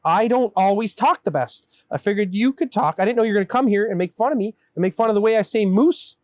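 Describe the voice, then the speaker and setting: A man's voice: sits high, fast talker, no room sound. A man hosting a comedic chat outdoors in a backyard, grumbling and mock-exasperated. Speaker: host. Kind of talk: comedic casual banter.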